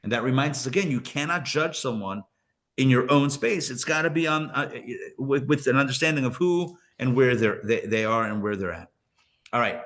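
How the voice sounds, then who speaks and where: A rabbi giving a live Torah class, talking conversationally and paraphrasing the verses with lively emphasis. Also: male voice, medium pitch, moderate pace. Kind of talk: live class lecture with discussion.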